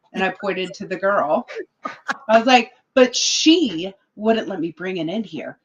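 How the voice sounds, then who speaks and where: A woman guest telling a story in a casual interview, animated and quoting others as she goes. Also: fairly low pitch, muffled recording. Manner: animated, quotes other people in their voices. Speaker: political guest.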